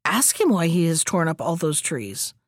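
A woman voicing a wise, calm old holy hermit in a storybook reading, giving quiet commands. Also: sits low, moderate pace, no echo, clean studio sound, pitched below the performer's own voice. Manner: calm, commanding, sometimes whispered.

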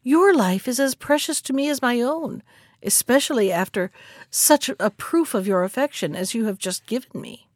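A woman reading the part of a kind young princess who speaks gently and pleadingly. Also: on the high side, lively intonation, normal speed, no echo, studio quality. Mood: gentle.

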